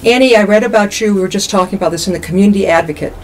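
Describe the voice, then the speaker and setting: A woman's voice: medium pitch, rapid-fire, slight background noise, low-quality recording. A woman hosting a community television talk show, chatty and joking with her guest. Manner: chatty, jokey. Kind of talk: casual interview.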